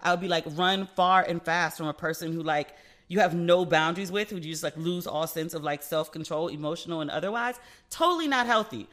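Chatty bright-voiced man podcasting. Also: on the high side, fairly quick. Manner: candid, swears freely, acts out both sides of conversations. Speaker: podcast host; relationship advice podcaster. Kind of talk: casual solo podcast chat.

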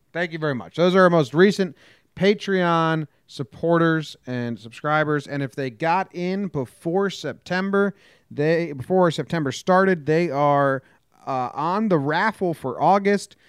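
A man's voice: on the high side, clear, resonant tone, no echo, clean studio sound. A man hosting a casual sports podcast, talking bluntly and grumpily, with some swearing. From New Jersey. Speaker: podcast host.

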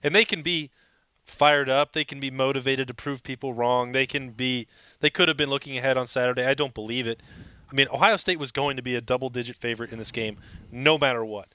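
A man's voice: medium pitch, fairly even intonation, fairly quick, sharp tone, clean tone, no echo. A man, the regular co-host of a sports podcast, chatting in an upbeat and talkative way. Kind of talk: casual sports podcast chat.

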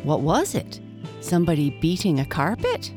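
A woman's voice: deep voice, wildly swooping pitch, moderate pace, music in the background. A woman voicing a friendly, curious male dog who asks lots of questions.

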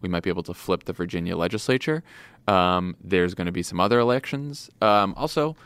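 A man's voice: deep voice, animated, brisk, a bit bright, clean tone, no room sound. A man hosting a podcast, talking in an earnest, encouraging, conversational way. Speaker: podcast host. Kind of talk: casual political chat.

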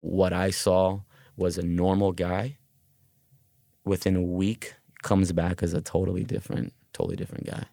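A man's voice: low voice, flat delivery, measured pace, mellow, no room sound, studio quality. A man telling a tense first-person true story, often stumbling and repeating words.

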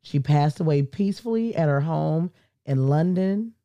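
A man's voice: a little high, animated, normal speed, mellow, lo-fi sound. Man reading a news update. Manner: reads news updates aloud, jokes along. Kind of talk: casual chat.

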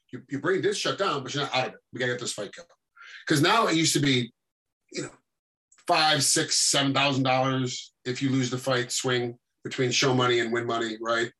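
A middle-aged man, a combat sports referee, telling animated stories in a casual chat and acting out what people said. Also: mid-range voice, rough recording. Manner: animated storytelling, acting out quotes. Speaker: MMA referee, guest.

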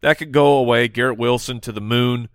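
A man's voice: medium pitch, steady tone, brisk, dry recording, studio quality. A man co-hosting a sports podcast in casual, playful chat. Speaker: podcast co-host.

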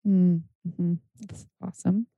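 A woman co-hosting a casual chat who tells quick anecdotes and laughs along. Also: fairly low pitch, steady tone, vocal fry, dark tone, dry recording. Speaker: podcast co-host.

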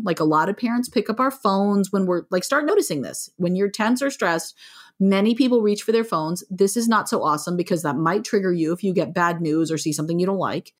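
A middle-aged woman, a parenting author, talking frankly and with animation in an interview. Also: mid-range voice. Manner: frank, animated, plainspoken with mild swearing. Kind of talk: conversational interview.

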